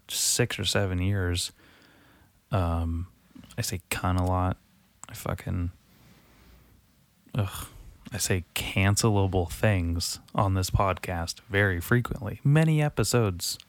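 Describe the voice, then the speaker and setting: A man with a low voice hosting his own podcast, swearing freely as he rambles. He sighs, restarts his sentences and drops into a mutter. The recording is dry, with no room sound. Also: no echo. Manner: rambling, profane, self-deprecating, trailing off and restarting. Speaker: podcast host. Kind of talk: casual solo monologue.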